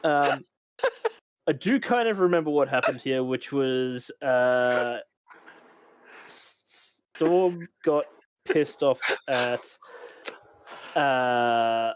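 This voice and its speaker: A man's voice: mid-range voice, expressive, drawn-out words, long pauses, smooth, no room sound. A man casually recapping the last session of a tabletop game, rambling with many fillers and laughs. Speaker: game master.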